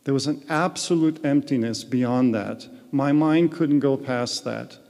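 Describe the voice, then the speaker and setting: In a big retreat hall, a male guest speaker offers a heartfelt spiritual testimony in a mid-range, darkish voice edged with vocal fry. His pace is measured as he tells his story earnestly, and the room adds a long, lingering echo.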